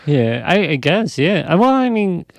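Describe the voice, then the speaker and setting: A man's voice: high-pitched, sing-song, a little slow, no room sound, studio quality. A man hosting a podcast in casual chat, laughing easily and telling loose, rambling stories. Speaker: podcast host.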